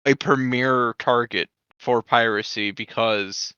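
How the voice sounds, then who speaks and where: Bright, clear-voiced man, halting speech. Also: mid-range voice, steady tone, dry recording, highs cut off. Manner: halting, restarts, trips over words. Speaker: player. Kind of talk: casual game table chat.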